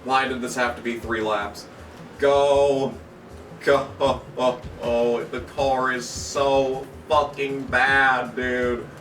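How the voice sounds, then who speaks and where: A man commentating his own racing video game play, cursing freely and swinging from excited shouting to frustrated ranting. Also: medium pitch, takes it slowly, a little hiss or hum. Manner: excitable, profane, shouts during the race; grumbling, frustrated rant. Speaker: gaming YouTuber. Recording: roomy echo, distant from the mic.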